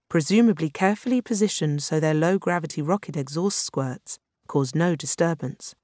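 A steady audiobook narrator reading a science fiction novel. The delivery is even and unhurried, at a middle pitch. The recording is dry and close, with no room sound. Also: no echo.

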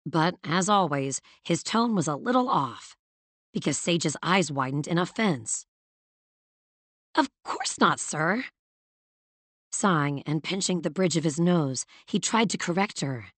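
A woman narrating an audiobook in a measured, even storytelling manner. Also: low-pitched, dry recording. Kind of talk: scripted narration.

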